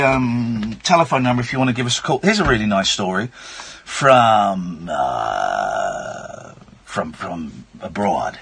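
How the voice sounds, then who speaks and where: Brief: male late-night radio host, husky, animated pitch, wry asides. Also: slow pace. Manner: chatty, wry, reading news aloud with asides. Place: radio studio.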